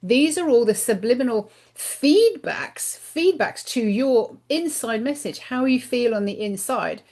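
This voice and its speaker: A woman's voice: fairly high pitch, expressive, measured pace, a little mellow. A woman giving a spiritual card reading in an emphatic monologue, repeating words for stress. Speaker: spiritual card reader and channel. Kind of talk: inspirational monologue to camera.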